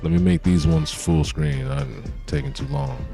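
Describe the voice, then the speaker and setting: A man streaming a casual live reaction to a manga chapter, talking in a slangy, profane and excitable way. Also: rumbling low, moderate pace, vocal fry, faint music behind.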